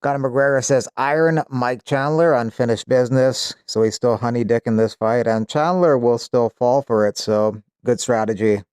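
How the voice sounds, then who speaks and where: A man delivering combat-sports news with dry, sarcastic commentary. His voice is smooth and resonant. The sound is close and dry. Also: medium pitch, fairly even intonation, normal speed, few pauses, a little mellow, no echo. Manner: wry, sarcastic asides. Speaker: news show host.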